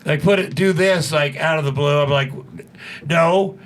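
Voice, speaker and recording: Profane, animated man in his sixties. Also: a little high. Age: 60s. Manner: profane, animated, fast-talking storyteller who acts out quotes. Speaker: guest. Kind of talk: casual storytelling. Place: studio.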